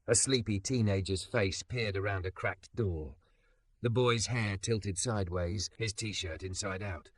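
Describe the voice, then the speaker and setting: Guy narrating a story, lowish voice, dry close sound. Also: a little slow, no echo.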